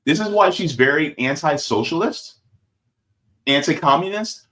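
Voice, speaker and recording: A man's voice: fairly high pitch, lively intonation, normal speed, fairly bright tone. A man commenting on a video clip in casual political talk, emphatic and repetitive, tossing in "right?" and "baby".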